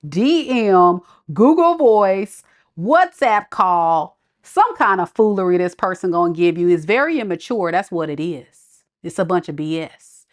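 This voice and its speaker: A woman's voice: lowish voice, animated, unhurried. A woman giving a casual tarot reading, chatty, blunt and sassy with her viewers. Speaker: tarot reader.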